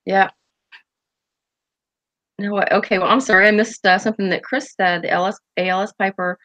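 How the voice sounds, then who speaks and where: A woman hosts a relaxed livestream chat and reads out viewer comments as she goes. Her voice sits in a middle pitch and comes through close and dry, with no room sound. She talks loosely, with plenty of "um"s and restarts. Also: brisk, no echo. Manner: chatty and rambling, with frequent fillers and restarts. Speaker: host of a pipe-smoking chat stream.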